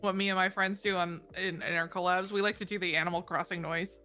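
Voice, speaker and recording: A woman's voice: on the low side, steady tone, fast, bright, forceful tone, soft background music. A woman joining a game stream as a guest, chatting casually, giggly and teasing.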